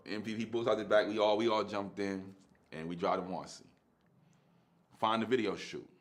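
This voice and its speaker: A man's voice: mid-range voice, a bit bright. A man, telling a story in casual, slangy street talk and laughing often.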